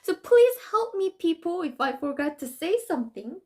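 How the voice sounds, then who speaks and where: A bubbly woman from Korea hosts a casual live stream, laughing often as she talks. Her voice sits very high and swings widely in pitch, full of animated energy. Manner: bubbly, laughs often, quick shifts between languages. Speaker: host. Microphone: phone call over social media app.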